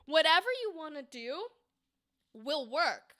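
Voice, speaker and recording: A woman's voice: high voice, lively intonation, slow, bright, forceful tone, no echo, clean studio sound. A woman hosting a livestream, giving bubbly, encouraging critiques of voice acting takes in a chatty way.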